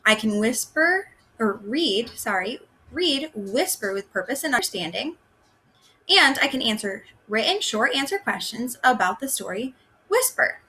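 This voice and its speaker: A woman teaching a recorded first grade phonics lesson, slowly sounding out words for young children. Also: a little high, sing-song, bright, forceful tone.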